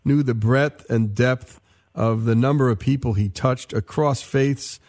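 A man's voice: mid-range voice, steady tone, a little slow, darkish tone. Enthusiastic male radio host. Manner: enthusiastic, plugging the guest's book. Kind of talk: radio interview.

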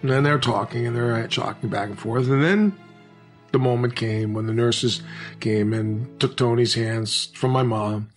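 A man recounting a personal story in an earnest, halting way, with frequent restarts. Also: mid-range voice, soft background music.

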